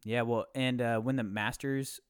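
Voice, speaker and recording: A man's voice: mid-range voice, steady tone, normal speed, clean tone. A young man in his twenties hosting a podcast, talking in a loose, upbeat, rambling way with plenty of fillers. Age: 20s. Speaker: podcast host. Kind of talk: casual podcast talk.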